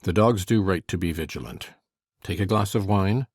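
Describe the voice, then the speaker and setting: A surly, brooding landlord with a very low, husky voice, put on by a male audiobook reader. He growls out short, curt lines, loud and gruff. The voice sits dry and close, with no room around it. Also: moderate pace, dry recording. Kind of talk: audiobook character voice.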